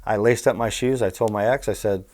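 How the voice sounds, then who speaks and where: A man's voice: lowish voice, a little fast. A middle-aged man from Southern California telling blunt, profane stories as an interview guest. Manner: blunt, profane, animated storyteller. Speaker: interview guest, former bookmaker. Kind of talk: casual storytelling.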